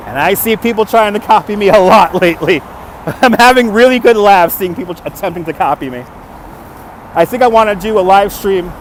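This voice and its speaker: A man with a fairly high voice hosts a casual walking livestream, chatting and laughing as he answers viewers. He is recorded on a phone on a gimbal outdoors at night, with faint street traffic behind him. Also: animated, normal speed. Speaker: livestream host. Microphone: phone on a handheld gimbal.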